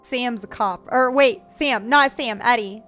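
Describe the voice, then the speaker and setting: A young woman commenting on a game playthrough with animated, chatty reactions. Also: a little high, unhurried, soft background music. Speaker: gaming streamer.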